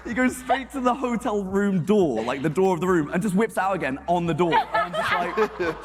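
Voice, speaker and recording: A man on a convention panel telling a story in an excitable way, laughing and acting out the scene. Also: high-pitched, moderate pace, big-room sound, over a noisy crowd. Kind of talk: animated storytelling on a convention stage. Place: large convention hall panel.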